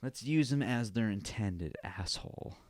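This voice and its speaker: A man's voice: fairly low pitch, expressive, a little slow, darkish tone, no room sound. Laughing, swearing podcast host man. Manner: rambling, laughs often, swears freely. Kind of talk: casual chat.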